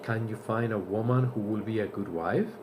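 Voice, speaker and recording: A man's voice: lowish voice, normal speed, background noise, close to an everyday voice. A man voicing an eager male friend offering advice in a told joke. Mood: chummy.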